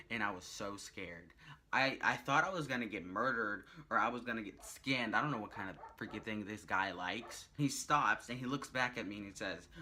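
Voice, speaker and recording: A young man vlogging, telling a rambling story in a chatty, animated way. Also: fairly low pitch. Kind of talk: casual storytelling vlog.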